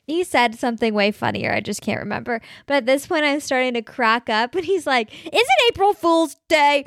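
A young woman hosts her own podcast, telling stories casually with lots of "like" and frequent laughter. Her voice sits a little high. The sound is close and dry, with no room echo. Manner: chatty, animated, laughs while telling stories, many "like" fillers. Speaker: podcast host. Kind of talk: casual storytelling monologue.

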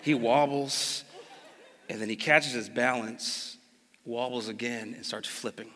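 A pastor telling a family story in a sermon, animated and jokey, moving between hushed asides and loud bursts. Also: male voice, mid-range voice, a little slow. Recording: long reverb of a large hall.

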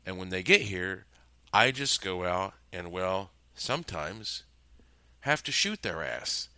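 A calm, menacing killer with a fatherly ease, as a man voices him, his low voice slow and unhurried. The tone is bright and forceful, and the sound is close and dry. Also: smooth, no echo, full character voice. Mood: musing.

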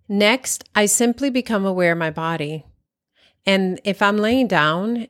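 Slow, calm woman teaching meditation. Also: lowish voice, dry recording, clean studio sound. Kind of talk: guided meditation talk.

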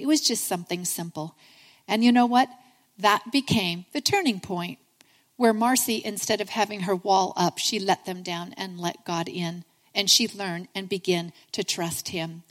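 A woman's voice: mid-range voice, moderate pace, in a large hall. A middle-aged woman giving a sermon, telling a personal story in an earnest, conversational way and calling her listeners friends.

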